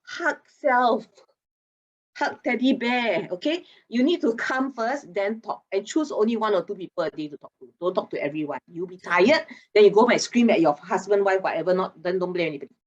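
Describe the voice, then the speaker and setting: Woman, husky voice, animated and teasing, muffled video call. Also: medium pitch, brisk. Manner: animated, chatty, teasing, with local particles like lah. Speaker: guest speaker on mental wellness. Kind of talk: lively expert talk in an online masterclass.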